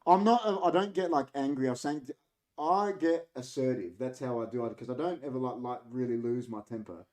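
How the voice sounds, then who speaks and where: An Australian man hosting a casual podcast chat, telling a story with lively acted-out quotes. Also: mid-range voice, a little fast. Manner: animated storytelling, acts out quotes. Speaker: podcast host.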